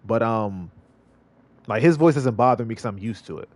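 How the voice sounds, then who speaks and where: A man's voice: on the low side, lively intonation, moderate pace. A male streamer giving casual gameplay commentary, rambling and repeating himself with many restarts. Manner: rambling, repetitive, lots of restarts.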